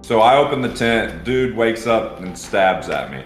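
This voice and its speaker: A man's voice: lowish voice, expressive, a little slow. A man playing a tabletop game, reporting his rolls and actions in a plain, matter-of-fact way. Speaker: player. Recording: echoey room with faint music.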